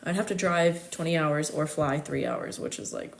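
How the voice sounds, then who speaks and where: In a low, creaky voice with lively intonation, a young American woman hosts a casual astrology live chat at normal speed, giggling and using many fillers. There's slight background noise.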